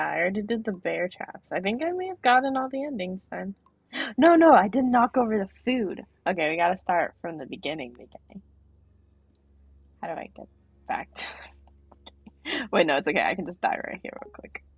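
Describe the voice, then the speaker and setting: A young woman streaming a horror game, reading the text aloud and reacting with laughs, in an animated, husky voice. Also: mid-range voice, normal speed, long pauses, dry recording, phone-quality sound.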